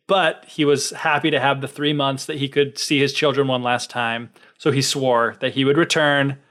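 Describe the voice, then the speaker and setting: A man's voice: medium pitch, fairly bright tone. A young man co-hosting a podcast, casually retelling a fairy tale in a chatty, filler-heavy way. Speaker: podcast co-host. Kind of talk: casual storytelling.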